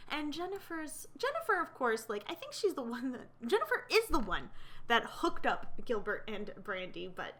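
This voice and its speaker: A woman's voice: sits high, wildly swooping pitch, normal speed, pushed and bright. A young woman narrating a life simulation game in a casual, chatty way, full of fillers and gossip. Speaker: let's play narrator.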